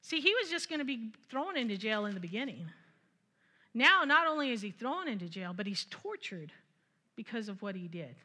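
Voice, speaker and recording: A woman with a very bright, slightly high voice delivers an animated, conversational sermon. She retells scripture with playful asides and laughs often along the way. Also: normal speed. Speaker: preacher.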